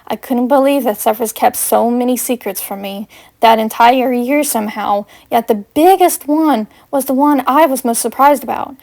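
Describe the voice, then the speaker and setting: A woman's voice: on the high side, vocal fry, a little mellow. A woman reading her own first-person fanfiction aloud in an earnest storytelling way. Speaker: fanfiction reader.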